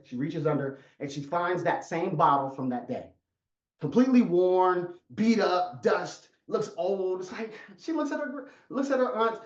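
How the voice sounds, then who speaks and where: A man's voice: fairly high pitch, lively intonation, normal speed, darkish tone. A man coaching an online audience with an emphatic, repetitive storytelling delivery, heard over a video call. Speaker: life coach. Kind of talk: motivational talk. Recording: echoey, muffled sound.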